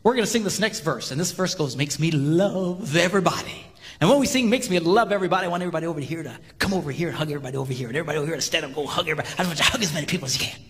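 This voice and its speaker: A man preaches with humor before a live audience, his voice sitting a little above the usual range for men. He tells stories animatedly, leaping into high voices for quotes and laughing along the way. The sound carries a long hall reverb over a faint room ambience. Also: racing, hardly any pauses, fairly bright tone, a little hiss or hum. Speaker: marriage seminar speaker. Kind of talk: humorous sermon storytelling.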